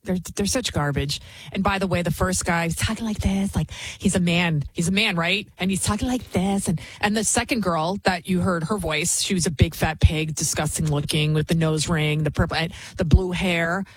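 Indignant woman host with a husky voice. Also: on the low side, steady tone, rough recording. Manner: indignant, scornful, rapid with frequent restarts. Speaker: political commentary host. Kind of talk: opinionated commentary monologue.

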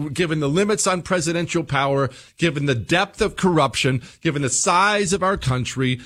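Emphatic male talk radio host. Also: a bit bright. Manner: emphatic, repeats phrases, swings between low asides and raised points.

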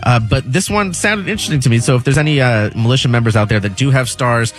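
A man's voice: mid-range voice, fast talker. A man giving an entertainment news segment on a radio show, casual and hesitant with lots of filler sounds.

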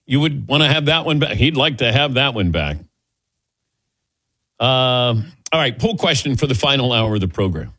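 Brief: male sports talk host, animated and chatty, dry close mic. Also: mid-range voice, normal speed, dry recording. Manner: chatty, laughs easily, animated delivery.

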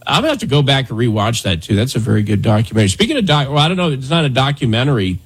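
A man's voice: mid-range voice, big pitch swings, very fast, husky. A male radio host talking casually in a rambling, conversational way with lots of fillers. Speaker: radio talk show host. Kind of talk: casual talk radio chat.

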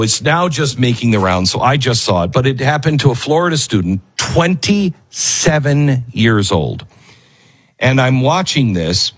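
A man's voice: medium pitch, husky. A man hosting a talk show, speaking earnestly and emphatically and repeating phrases for stress. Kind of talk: radio talk monologue.

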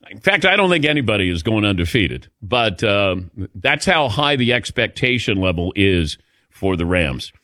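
Veteran male sports-radio host, animated, wide-ranging pitch, dry studio sound. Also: unhurried, dry recording. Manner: animated storytelling, chuckling asides. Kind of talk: casual sports talk.

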